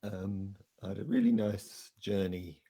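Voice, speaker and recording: Male, deep gravelly husky voice, hesitant relaxed chat. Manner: hesitant, relaxed, many pauses. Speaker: guest. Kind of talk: casual online group chat.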